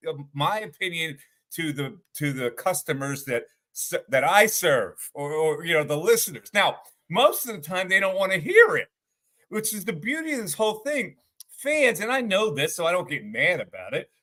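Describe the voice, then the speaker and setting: A man's voice: high-pitched, pushed and bright. A man who is a veteran sports radio guest, giving blunt, rambling, exasperated opinions.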